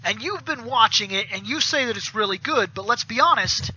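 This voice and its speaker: High, sharp-voiced man on a video call. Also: a little fast, dull audio, a little hiss or hum. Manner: animated storytelling, casual swearing. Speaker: podcast co-host. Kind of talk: casual chat.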